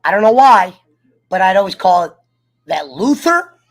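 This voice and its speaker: A man hosting a casual livestream chat, joking and swearing while reading shout-outs from the chat. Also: high-pitched, sing-song, normal speed. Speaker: show host.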